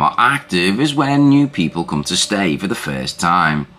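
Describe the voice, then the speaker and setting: A man narrating a first-person ghost story as a scripted reading, in a measured, deliberate way. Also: rumbling low, pushed and bright.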